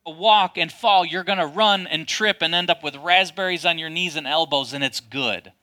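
A man preaching a sermon as a pastor, addressing his congregation with lively rhetorical questions. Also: a little high, normal speed.

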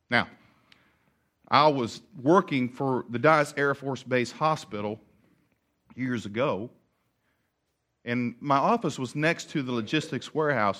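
A man preaching a sermon, telling a story about himself with lively humor and laughter. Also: a little high. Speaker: pastor.

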